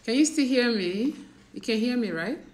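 A woman's voice: a little high, expressive, normal speed, darkish tone. A woman with a Nigerian accent chatting casually with her livestream viewers, mixing in pidgin and laughing often. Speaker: livestream host. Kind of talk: casual live chat with viewers.

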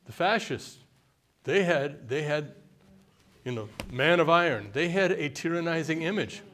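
An older man from the United States, giving a conversational workshop talk and often quizzing the audience with questions. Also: mid-range voice. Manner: mimics a haughty deliberate voice at times. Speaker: workshop speaker.

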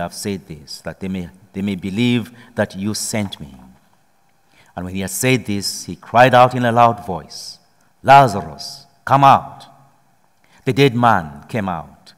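A priest, his voice lowish, reads the Gospel slowly and solemnly, then preaches a homily that grows emphatic as he presses his points. The recording has a big-room sound.

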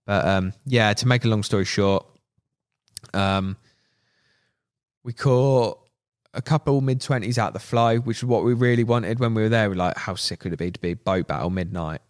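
A man telling a fishing story as a podcast guest, animated, laughing and acting out what people said. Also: on the low side, moderate pace. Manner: animated, laughing, acts out quotes. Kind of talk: casual storytelling.

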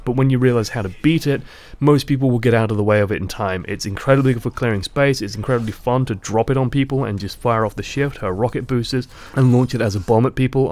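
Man calmly explaining game strategy. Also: mid-range voice. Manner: measured, explanatory. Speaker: gaming YouTuber. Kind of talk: game commentary vlog.

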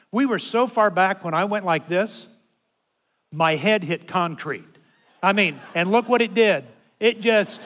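An older man with a fairly high voice tells a self-mocking story from a church pulpit, swinging from easy talk into loud, exaggerated comic complaints. His voice rings out through a large sanctuary with a long reverb trailing every phrase. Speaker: guest speaker. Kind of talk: humorous sermon storytelling.

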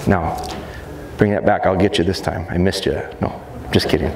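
A man's voice: low-pitched, fairly even intonation, moderate pace, background noise. A middle-aged man giving a dog training seminar to a live audience, talking energetically and joking with the crowd. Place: large exhibition hall. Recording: roomy hall echo, faint crowd ambience.

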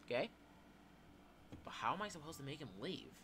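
A man giving profane, excitable, joking gameplay commentary as a YouTuber. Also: a little high, racing, slight background noise. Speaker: gaming YouTuber.

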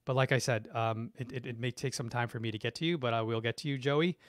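Brief: middle-aged male marketing guest, effusive, mid-pitched, close and dry. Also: fairly even intonation, fast talker, no room sound. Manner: enthusiastic and effusive, with frequent restarts. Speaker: branding and marketing expert guest. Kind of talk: live-stream Q&A reading chat comments.

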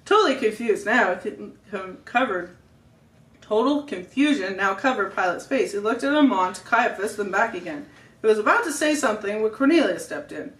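A family storyteller reads a story aloud at a steady pace and now and then stumbles and corrects a word. The voice sounds roomy. It comes from a mic set some distance away. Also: medium pitch, moderate pace. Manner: reads steadily with small slips and self-corrections.

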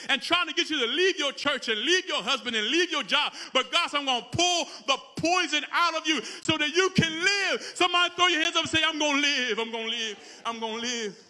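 A male pastor preaching a sermon in a church, calling out to the congregation and rising into shouts. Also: extremely high pitch. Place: church sanctuary.

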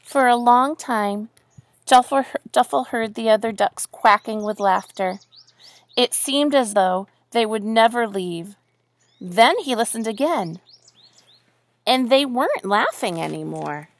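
A woman reading a picture book aloud to children in an animated way, stopping to ask them questions. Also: fairly high pitch, measured pace, no echo. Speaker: storyteller.

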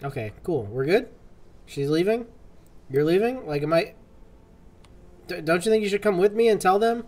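A man's voice: high-pitched, animated, moderate pace, long pauses, darkish tone. A young man casually commenting on a role-play game, joking and talking back to the characters. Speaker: gaming video host.

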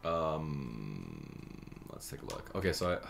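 A man giving casual gameplay commentary as a channel host, chatty and excitable, thinking out loud as he plays. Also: extremely low pitch, takes it slowly, creaky, background noise.

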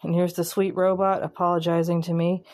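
Low, flat-voiced woman vlogger. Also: a little fast. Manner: plainspoken, candid, with hesitant restarts. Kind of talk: casual reflective commentary.

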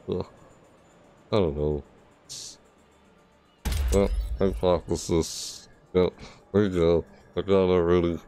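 A man's voice: sits low, creaky, dark tone. A tired man streaming a video game, mumbling and rambling to himself in casual commentary. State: tired, yawning.

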